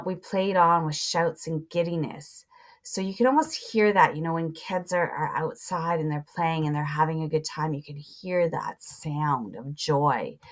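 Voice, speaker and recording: A woman teacher reading a passage aloud and explaining it to students in a slow, deliberate voice, pausing as she annotates. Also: low-pitched.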